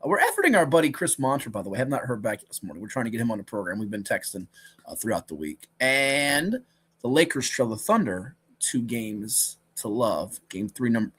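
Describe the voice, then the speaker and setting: A man co-hosting a casual sports talk show, excitable and heavy on stats, often correcting himself. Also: mid-range voice, brisk, slightly rough. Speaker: co-host.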